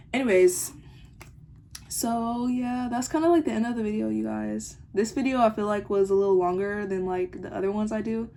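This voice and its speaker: A woman's voice: mid-range voice, moderate pace, vocal fry, mellow, a little hiss or hum. A teenage girl telling a rambling, irritated story about a classmate in a casual video diary. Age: teens. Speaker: vlogger.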